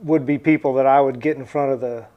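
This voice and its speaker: A man's voice: medium pitch, steady tone, fast, highs cut off. A man with a Midwestern American accent, a farmer guesting on a talk show, speaking earnestly and emphatically. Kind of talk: casual political chat.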